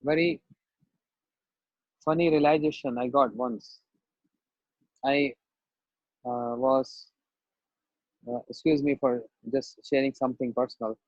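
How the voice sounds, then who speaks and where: A man's voice: mid-range voice, steady tone, slow, long pauses, a little mellow, no echo, dull audio. A man giving a devotional sermon, telling a personal story conversationally and acting out the voices of the people in it, with non-native English phrasing. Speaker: spiritual teacher.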